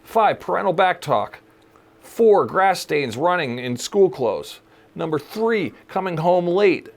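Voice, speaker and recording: A man in his forties or fifties, co-hosting a podcast in casual chat, an animated storyteller who laughs often and acts out the people he quotes. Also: sits high, slow pace, creaky. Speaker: podcast co-host.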